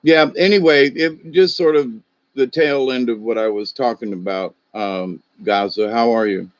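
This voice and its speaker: A middle-aged man from the American South hosts a casual livestream, rambling in a Southern drawl, chuckling, and greeting viewers by name. His voice sits at a medium pitch, he talks at a normal speed, and the recording is dry.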